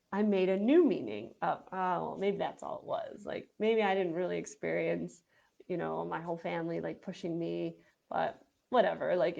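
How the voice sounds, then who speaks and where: A woman's voice: medium pitch, vocal fry, a little mellow, lo-fi sound. A woman hosting a show, telling a personal story in a chatty way with lots of "like" fillers. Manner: chatty, heavy use of "like" fillers. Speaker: podcast host.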